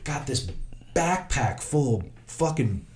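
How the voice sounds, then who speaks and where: A man's voice: mid-range voice, big pitch swings, takes it slowly, darkish tone. A man with a New Jersey accent co-hosting a casual podcast, talking bluntly and profanely. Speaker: podcast co-host.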